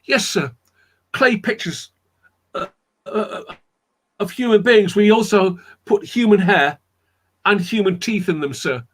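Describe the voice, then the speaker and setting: A man's voice: high voice, slow, long pauses, fairly bright tone, pitched above the performer's own voice, full character voice. A man voicing a fourteen-year-old girl who confesses deferentially, repeating "sir". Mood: pleading.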